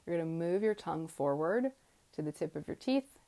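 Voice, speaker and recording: A woman teaching mantra pronunciation in a slow, guided lesson, patiently demonstrating each vowel and consonant aloud. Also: lowish voice, lively intonation, warm tone.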